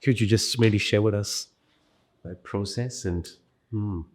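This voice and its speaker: A man's voice: fairly low pitch, a little slow. A South African man hosting an interview, asking chatty questions full of fillers and restarts. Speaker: show host, interviewer.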